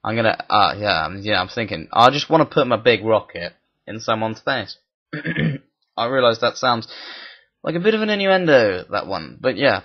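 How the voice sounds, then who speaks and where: A man's voice: lowish voice, sing-song, normal speed. A man giving rambling gameplay commentary, thinking aloud as he plays and dropping crude, jokey asides. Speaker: gaming channel host. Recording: dull lo-fi mic.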